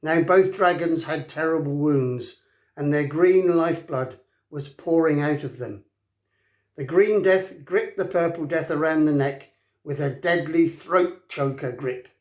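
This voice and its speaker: Slow, expressive male storyteller. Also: on the high side. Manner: expressive, dramatic. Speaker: teacher reading aloud. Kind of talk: storybook read-aloud. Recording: echoey room.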